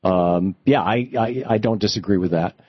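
A man's voice: fairly low pitch, normal speed, breathy edge, no room sound, muffled recording. A man hosting a call-in radio talk show, chatting with callers and thinking aloud with many restarts.

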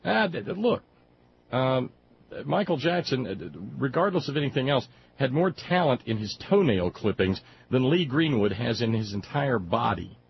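A man's voice: medium pitch, lively intonation, normal speed, vocal fry, muffled recording, slight background noise. A man hosting political talk radio who delivers sardonic, indignant commentary and often stumbles over his words in restarts. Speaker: radio talk show host.

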